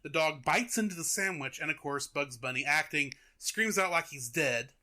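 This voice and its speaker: A young man hosting a podcast, retelling a cartoon in a chatty, animated way. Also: a little high, normal speed. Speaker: podcast host. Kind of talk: casual chat, retelling a cartoon.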